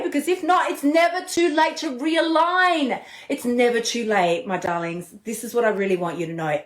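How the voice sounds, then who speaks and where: A woman podcast host and eating coach, giving an animated, chatty motivational talk on a live stream. She swears casually and laughs often. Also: a little high. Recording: echoey room.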